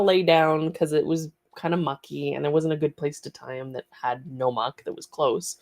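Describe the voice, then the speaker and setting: Gravelly-voiced chatty woman. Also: low voice, normal speed, darkish tone. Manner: rambling, chatty, laughs easily. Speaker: studio livestream host. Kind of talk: casual livestream chat.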